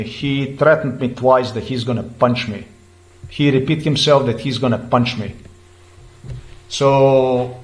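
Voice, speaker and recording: A vlogger with a medium-pitched voice recounts a roadside dispute in an agitated personal account, restarting himself repeatedly and swearing when he gets heated. The recording is rough.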